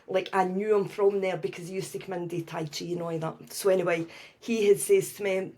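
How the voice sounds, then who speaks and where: A middle-aged Scottish woman, a podcast guest, telling a personal story in a lively way and often adding "right?". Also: lowish voice, brisk, slightly rough.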